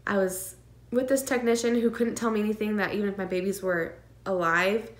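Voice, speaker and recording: A woman speaks to her camera in a casual vlog, recounting a personal story. Her delivery is earnest and emotional, full of fillers and nervous little laughs, at a middle pitch. The room around her is echoey. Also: fairly even intonation, a little fast. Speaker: vlogger sharing her twin pregnancy.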